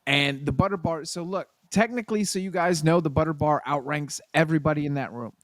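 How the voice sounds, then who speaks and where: A man who served in the Army, co-hosting a casual chat and telling an animated, profane story. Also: fairly high pitch, brisk, no room sound, clean studio sound. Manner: animated storyteller, profane, acts out quoted people. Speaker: podcast co-host, Army veteran.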